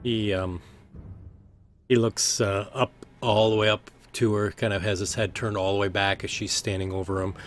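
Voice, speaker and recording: A man narrating a tabletop game as game master, relaxed and hesitant with many fillers. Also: lowish voice, normal speed, soft background music.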